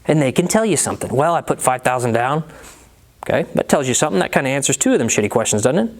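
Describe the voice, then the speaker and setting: A man gives blunt, profane coaching to car salespeople. His pitch swings widely as he talks. He acts out both the salesman and the customer in quick exchanges. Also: expressive. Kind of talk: casual coaching monologue.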